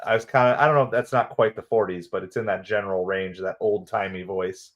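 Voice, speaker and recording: A man's voice: lowish voice, fairly even intonation, quick pace, muffled recording. A man hosting a live baseball watch-party stream, chatting casually with viewers in an upbeat way and laughing often. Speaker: livestream host and baseball commentator.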